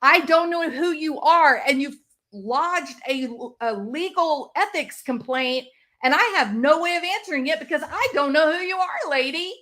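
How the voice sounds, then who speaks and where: A woman's voice: high-pitched, moderate pace, pushed and bright. A woman YouTube commentator talking in a casual, sarcastic way and laughing often.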